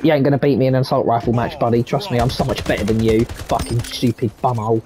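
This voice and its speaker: A man's voice: mid-range voice, fairly even intonation, quick pace. A young man doing gameplay commentary, boasting, swearing and trash-talking nonstop. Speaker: gaming YouTuber.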